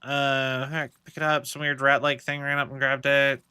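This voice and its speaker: A man streaming a video game, chatting casually and thinking out loud with lots of filler words. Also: mid-range voice, level tone, moderate pace, smooth, no echo. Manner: rambling, thinks aloud with many fillers. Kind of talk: casual gaming stream commentary.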